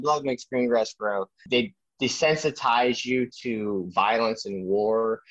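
A man recounts his army days in a loose, animated way, stumbling and restarting as he goes. The recording sounds muffled and lo-fi. The room adds almost no echo. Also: lowish voice. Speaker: army veteran guest. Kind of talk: casual storytelling interview. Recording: dry, dull lo-fi sound.

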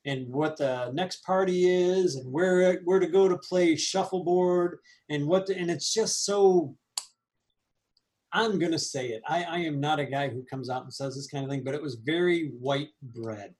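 A man co-hosting a casual movie review chat, animated and laughing, with quick asides. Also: on the high side. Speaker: podcast co-host.

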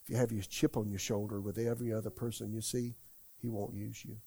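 Older man preaching with a gravelly voice. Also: fairly low pitch, level tone, fast, mellow. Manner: folksy, rambling, asks the congregation questions. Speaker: pastor. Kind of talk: conversational sermon. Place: church.

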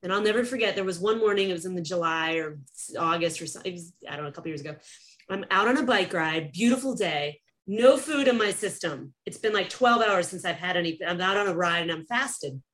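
A woman hosting a podcast, telling a personal story in casual conversation and acting out the people she quotes. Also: brisk. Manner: animated, acts out quoted people with big pitch jumps and laughs.

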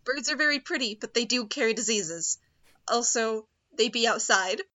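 A woman retells a film's story in a relaxed podcast chat, animated and dotted with ums. Her voice is bright and forceful. The recording sounds slightly dull and lo-fi. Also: fairly high pitch, normal speed, no room sound. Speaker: podcast co-host recapping a film. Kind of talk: casual chat.

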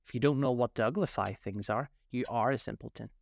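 A man doing a gruff, scolding Griffin. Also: medium pitch, brisk, natural voice. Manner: brusque, scolding. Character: gruff, impatient male Griffin, scornful.

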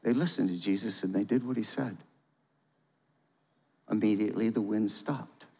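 A male pastor giving a sermon, reading a storybook aloud in a dramatic, animated way and asking listeners to respond. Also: fairly low pitch, normal speed, creaky, breathy edge. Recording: long hall reverb.

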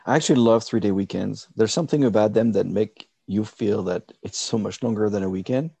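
A man's voice: lowish voice, a little fast, vocal fry, dark tone, breathy edge, dry recording. A man hosting a podcast, chatting playfully and laughing often as he interviews a guest. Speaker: podcast host. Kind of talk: casual interview chat.

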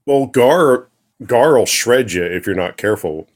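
A man chatting casually as a podcast guest, describing a fishing spot in a relaxed, matter-of-fact way. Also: mid-range voice, unhurried. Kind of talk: casual chat.

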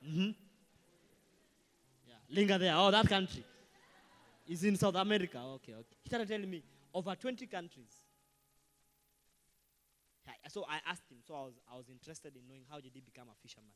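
A man preaching a sermon as pastor, animated and shifting between quiet asides and loud outbursts. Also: high-pitched, fairly quick, pauses often, in a large hall.

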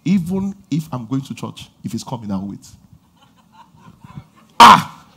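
A man preaching a lively sermon, shouting call-and-response lines and laughing between stories. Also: medium pitch, unhurried, creaky, pauses often, breathy edge. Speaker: pastor.

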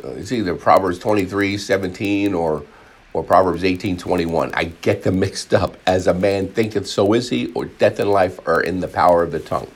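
A man's voice: low-pitched, normal speed, slightly rough. A man preaching a sermon, rambling with frequent repeats and restarts, and acting out voices in his examples. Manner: animated, acts out crowd voices.

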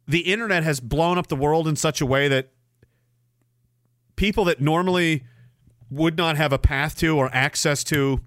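A man from Canada ranting through a casual livestream monologue, crude and sarcastic, breaking off and restarting his sentences. His voice sits a little high, with a bright, forceful edge. The sound is dry and close, with no room echo. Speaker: livestream host.

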